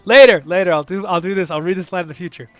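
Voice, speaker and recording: A young man hosting a casual gameplay video, chatty and excitable, swinging between loud bursts and quiet asides. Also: high voice, rapid-fire, no room sound, highs cut off. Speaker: game video host.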